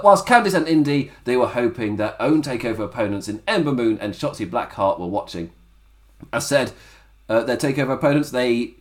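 Laughing, lively-voiced man recapping wrestling. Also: mid-range voice. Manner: chatty, often laughing at his own jokes. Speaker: wrestling show reviewer. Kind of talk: casual recap commentary.

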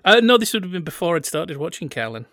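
A man's voice: high voice, sing-song, fast talker, a bit bright, dry recording, clean studio sound. A man chatting casually as a podcast co-host, telling wry, digressive stories. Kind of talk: casual chat about old British TV.

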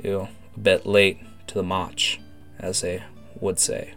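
A man voicing a secretive male gang member working undercover, speaking in a hushed, slangy, hesitant way, over faint guitar music. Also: low voice, completely flat delivery, slow pace, vocal fry, full character voice. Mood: grim.

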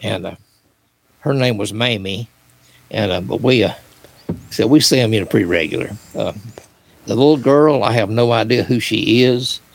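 A man's voice: fairly low pitch, moderate pace, creaky, long pauses, rough recording. An older man, a paranormal researcher, rambling through personal stories with many fillers and restarts. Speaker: guest, author and paranormal researcher. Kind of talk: casual storytelling.

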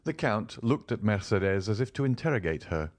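Low-voiced man narrating an audiobook. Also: very animated, fairly quick, dry recording. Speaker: audiobook volunteer reader. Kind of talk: scripted narration of a classic novel.

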